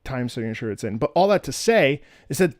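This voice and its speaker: A man's voice: mid-range voice, very animated, brisk, dry recording, studio quality. A man hosting his channel, casually explaining music and humming melodies on "da" syllables, with enthusiasm and frequent restarts. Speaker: channel host.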